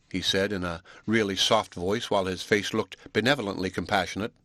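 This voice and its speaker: Audiobook: male narrator, somewhat low voice, measured reading, bone-dry close recording. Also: steady tone, a bit bright, no room sound. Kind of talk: scripted narration.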